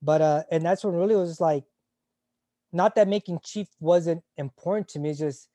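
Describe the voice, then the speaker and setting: Retired Navy corpsman in his 40s, interview guest; mellow, raised male voice, candid and profane, halting delivery. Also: on the high side, dry recording. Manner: frank and emotional, swears freely, halting restarts. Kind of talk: candid conversational storytelling.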